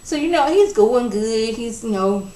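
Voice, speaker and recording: A woman's voice: fairly high pitch, measured pace. Chatty woman recapping in an echoey room. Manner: animated, acts out characters' lines. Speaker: TV episode reviewer. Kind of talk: casual recap and commentary. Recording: echoey room with faint background noise.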